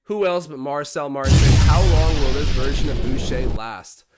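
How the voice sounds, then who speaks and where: A young man hosting a live watch-along stream, commentating on a basketball game and getting excitable on big plays. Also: normal speed, loud music behind the voice. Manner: excitable, jumps up in pitch and volume on big plays. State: out of breath. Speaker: livestream host doing game commentary.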